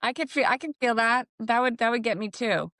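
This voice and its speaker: A woman's voice: on the high side, fairly quick, a bit bright, no room sound. A woman sports reporter appearing as a podcast guest, speaking in an encouraging, reflective way. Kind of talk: casual chat.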